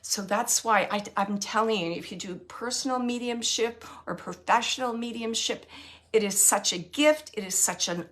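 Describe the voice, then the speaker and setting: Woman medium, middle-aged, bright and slightly high voice, repeats messages gently. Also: normal speed. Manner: relays spirit messages, repeating phrases softly. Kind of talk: live online mediumship reading.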